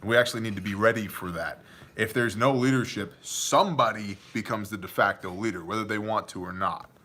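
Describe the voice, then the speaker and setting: Bright-voiced man hosting a casual live Q&A. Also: on the low side, fairly quick. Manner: joking, chummy, addresses chatters as man and brother. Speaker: livestream host answering viewer questions.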